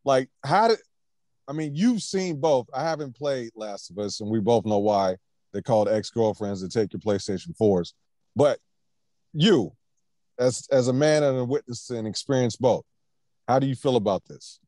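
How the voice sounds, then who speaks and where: A man's voice: medium pitch, expressive, moderate pace, dark tone, dry recording, studio quality. A man hosting a casual pop-culture podcast. He is laid-back, laughs often, and keeps moving the show along to the next topic. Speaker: podcast host.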